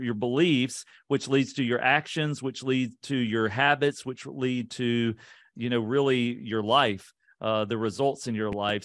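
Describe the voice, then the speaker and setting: Guy on a podcast telling a story on himself, self-mocking and animated, mid pitch, dry close sound. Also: dry recording. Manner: quick, lively retelling with voiced quotes. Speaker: podcast guest. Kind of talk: casual storytelling interview.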